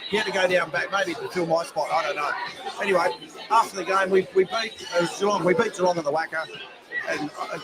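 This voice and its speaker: An Australian man, a former footballer, telling lively anecdotes and acting out quotes at a live show. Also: high voice, fast. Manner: animated anecdotes, acts out quotes. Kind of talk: casual storytelling chat. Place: live venue with crowd. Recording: noisy crowd at live show.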